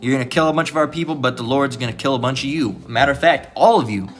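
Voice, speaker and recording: A man's voice: mid-range voice, quick pace, faint music behind. A man giving an informal preaching lesson, emphatic and profane, who keeps asking "all right?".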